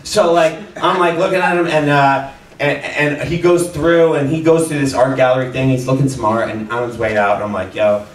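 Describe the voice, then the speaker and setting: A man's voice: mid-range voice, fairly quick. A man doing a stand-up comedy set, telling a rambling story full of fillers and laughs. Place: small comedy venue with a live audience. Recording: echoey room heard from far off, audience noise. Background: audience laughter.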